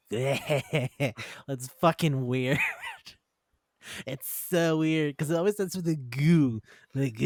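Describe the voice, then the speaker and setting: A man chatting casually about manga, excitable and quick to swear. He keeps slipping into characters' lines as he talks. His voice sounds close and dry, with no room around it. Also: fairly high pitch, no echo. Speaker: podcast co-host. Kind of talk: casual chat reviewing manga.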